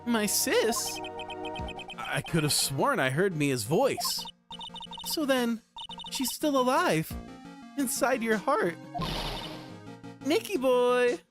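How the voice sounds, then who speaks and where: A man putting on an excitable young girl's voice, very high, eager questions, game music clearly behind. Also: takes it slowly, pauses often, full character voice. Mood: excited.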